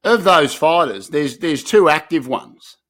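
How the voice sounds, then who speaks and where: A man's voice: a little high, animated, a little slow, fairly bright tone. An Australian man in his thirties co-hosting a podcast, bantering in a laid-back way with rambling restarts. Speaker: podcast co-host. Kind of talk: casual comedic podcast chat.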